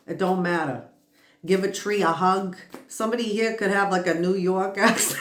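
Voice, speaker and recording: A tired woman giving a casual, reassuring spiritual tarot reading, chatty and quick to laugh. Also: mid-range voice. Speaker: tarot reader. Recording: roomy echo.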